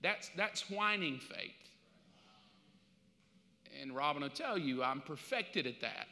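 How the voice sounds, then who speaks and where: A middle-aged male pastor preaching a sermon in a casual, animated storytelling way. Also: fairly high pitch, takes it slowly. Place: church sanctuary. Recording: reverberant church hall.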